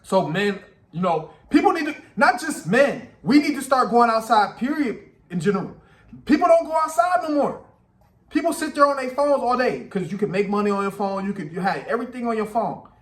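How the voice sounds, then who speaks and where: A man with a high voice gives casual reaction commentary. He speaks bluntly and emphatically and repeats his points. The room around him is echoey. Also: animated, brisk. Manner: blunt, repetitive, emphatic opinions. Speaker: commentary host reacting to a podcast clip.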